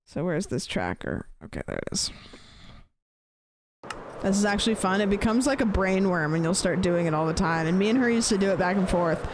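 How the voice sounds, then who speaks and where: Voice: medium pitch, sing-song, a little fast, noisy background. A streamer chatting casually while gaming, rambling and swearing, playfully repeating phrases with different stress.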